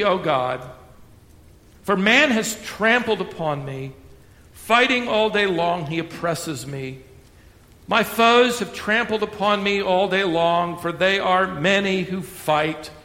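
High, bright-voiced man preaching in a hall. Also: creaky. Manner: expressive preacher, stretches key words slowly, light humor. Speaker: pastor. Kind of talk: sermon. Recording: echoey hall with long reverb.

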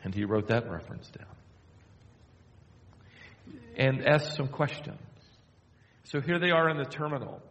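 An older man preaching a sermon, telling a story and slowing down to quote scripture. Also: fairly high pitch, fairly bright tone. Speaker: pastor. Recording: echoey hall.

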